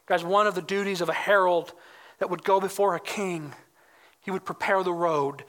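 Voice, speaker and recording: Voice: medium pitch, fairly even intonation, moderate pace, a bit bright. A pastor preaching a sermon in an emphatic way, often calling the listeners "guys" and acting out the quoted questions in a raised voice.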